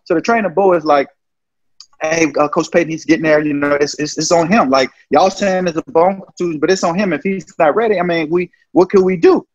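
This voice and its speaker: A man from New Orleans, a pro football player, telling stories in a casual interview, profane and animated, acting out quoted exchanges. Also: fairly high pitch, brisk. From New Orleans, USA. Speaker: guest, pro football cornerback. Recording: dry, dull lo-fi sound.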